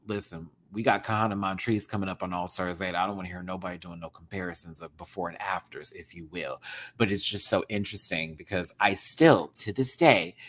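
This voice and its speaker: A man giving a casual, animated review to camera, swinging from hushed asides to loud exclaiming and laughing often. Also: fairly low pitch. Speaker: drag show reviewer. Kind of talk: casual commentary rant to camera.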